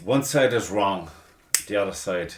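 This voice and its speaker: A man's voice: sits low, lively intonation, unhurried, a little hiss or hum. A man with a Cork Irish accent in casual podcast chat, blunt and emphatic, swearing freely as he gives his opinions.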